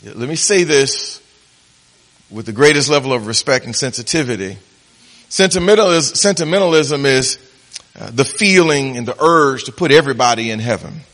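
A man preaching a sermon as pastor, swinging between soft, slow reflection and loud, laughing punchlines. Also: medium pitch, animated, long reverb tail.

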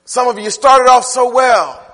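A man's voice: very high voice, unhurried, pushed and bright, big-room sound. A man preaching a sermon, talking conversationally and firing off rhetorical questions. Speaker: pastor.

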